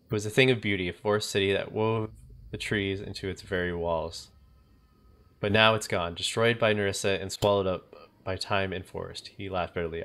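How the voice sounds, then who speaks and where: A man's voice: sits low, fairly even intonation, normal speed, a bit bright. A man streaming a game, reading its story aloud with casual asides.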